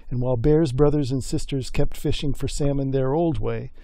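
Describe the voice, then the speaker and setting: A male storyteller spinning a folk myth in an easygoing, homespun way. His voice is mellow and relaxed. The recording is dry and close, with no room sound. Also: mid-range voice, no echo. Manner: folksy and unhurried, with voiced characters.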